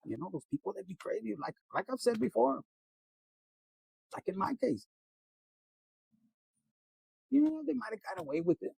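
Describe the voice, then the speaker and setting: Man, tarot reader, lively swooping pitch, raspy, dry close sound, preachy, swears, slangy. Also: normal speed, long pauses, dry recording, poor audio. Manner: blunt, profane, preachy; slangy, mixes in Spanish words. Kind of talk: casual spiritual reading.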